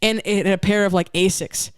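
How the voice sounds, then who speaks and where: A woman's voice: mid-range voice, fairly even intonation, normal speed, clean tone, no echo, studio quality. A woman co-hosting a podcast, telling a long, rambling hypothetical story in casual banter. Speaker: podcast co-host.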